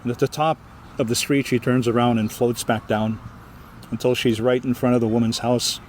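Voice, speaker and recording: A man from Hawaii with a Hawaiian accent, telling a ghost story as a guest storyteller in a lively, animated way. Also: medium pitch, moderate pace, slight background noise. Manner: lively, animated, acts out the voices. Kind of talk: oral storytelling in an interview.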